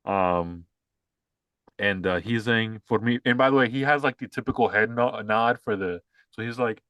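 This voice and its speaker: A man's voice: fairly low pitch, normal speed, bright, forceful tone, no echo. Rambling, sarcastic young male podcaster. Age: young adult. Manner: rambling, filler-heavy, sarcastic. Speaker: podcast co-host. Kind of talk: casual political commentary.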